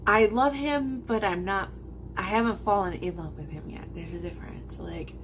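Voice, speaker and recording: A woman in her forties talks casually to camera as a vlogger, in a voice of middling pitch. She rambles and stops herself often, full of fillers. Clear background noise runs under the recording. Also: expressive, moderate pace. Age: 40s.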